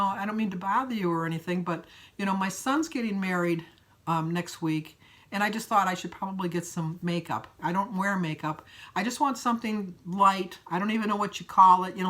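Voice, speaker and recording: A woman's voice: on the low side, fairly quick, a bit bright. Chatty middle-aged woman vlogging. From United States. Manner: chatty, rambling storyteller with frequent fillers. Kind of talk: casual chat.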